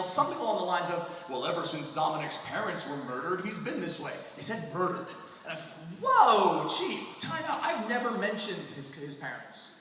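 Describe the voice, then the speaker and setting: A man in his fifties hosting a comedic writing panel at a convention, acting out squeaky comic voices. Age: 50s. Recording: echoey hall from far off with loud noise.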